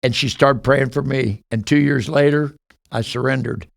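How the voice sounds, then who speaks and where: A man's voice: mid-range voice, steady tone, normal speed, creaky, no echo, studio quality. A man in his sixties, a podcast guest telling his life story earnestly, acting out the dialogue he recounts.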